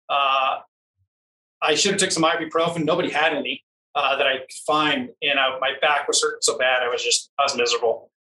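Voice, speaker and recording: A man telling a long personal story in a casual interview, animated and laughing often. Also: on the high side, roomy sound, far from the mic, poor audio. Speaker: interview guest, off-road racer.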